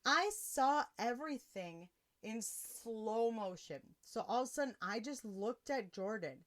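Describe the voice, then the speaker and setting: A woman hosting a podcast, telling a personal story in a casual, animated way and laughing often. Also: fairly high pitch, a little slow. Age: adult with children. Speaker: podcast host.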